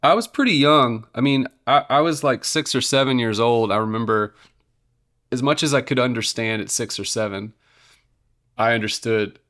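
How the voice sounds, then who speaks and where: A man's voice: medium pitch, moderate pace, fairly bright tone. A man, a worship leader, telling his story as a podcast guest in an earnest, casual way with many "you know"s and restarts.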